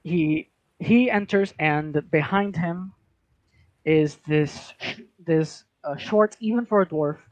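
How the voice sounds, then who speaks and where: A man's voice: fairly high pitch, no echo, muffled recording. A man narrating a tabletop game as game master in a casual, rambling way with many filler words.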